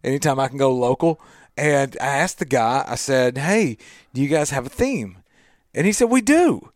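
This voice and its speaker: A man's voice: mid-range voice, lively intonation, moderate pace, no echo. A man co-hosting a radio talk show, chatting casually in a small office studio, laughing often and talking like a preacher.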